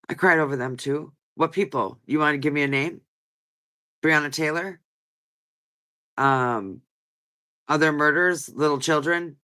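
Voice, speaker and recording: A woman's voice: low voice, a little slow, pauses often, pushed and bright. A woman hosting a live chat stream, talking in an earnest, rambling, emotional way with a stuffy nose from crying. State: stuffy-nosed after crying. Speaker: livestream host. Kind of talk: casual live chat reading comments.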